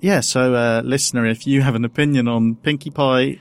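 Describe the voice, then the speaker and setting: A man co-hosting a podcast chats casually, rambling hesitantly and restarting his sentences often as he trails from one point to the next. His mid-range voice is smooth, with fairly even intonation and normal speed.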